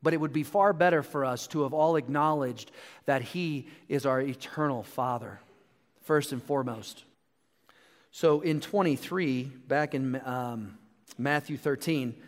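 Pastor preaching in a reverberant hall. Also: male voice, mid-range voice, measured pace. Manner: storytelling, animated when telling anecdotes. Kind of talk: sermon. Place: church sanctuary.

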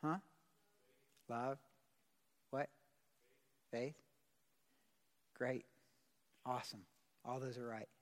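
A man's voice: mid-range voice, steady tone, very slow, long pauses. A man pastor preaching a sermon in a church service. He talks casually, uses slang and puts questions to the congregation. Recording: long hall reverb.

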